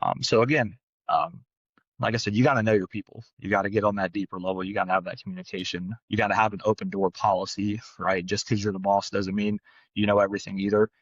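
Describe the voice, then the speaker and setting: With a lowish voice and flat delivery, this podcast co-host, a dog trainer, races through a blunt, casual work story. He keeps adding "right?" to his lines and swears occasionally. The audio is dry and muffled.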